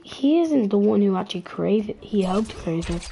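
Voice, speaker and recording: A woman's voice: medium pitch, expressive, moderate pace, gravelly, warm tone, slight background noise. A woman streaming a game live, giving foul-mouthed trash-talking commentary as she plays.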